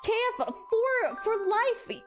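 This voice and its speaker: A woman's voice: extremely high pitch, big pitch swings, takes it slowly, soft background music. A young adult woman streaming casually, greeting chat with gasps and laughs. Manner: bubbly, gasping greetings to chat, frequent laughs. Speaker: VTuber streamer.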